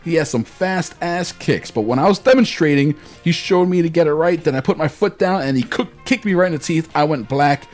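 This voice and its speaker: Animated, swearing podcast host. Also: male voice, on the high side, fairly quick, hardly any pauses, faint music behind. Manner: animated, profane anecdote telling. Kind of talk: casual storytelling chat.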